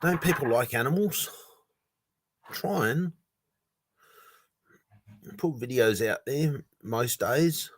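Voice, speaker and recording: A man's voice: medium pitch, no echo. A man hosting a casual livestream, chatting loosely and greeting viewers by reading their comments aloud. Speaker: livestream host.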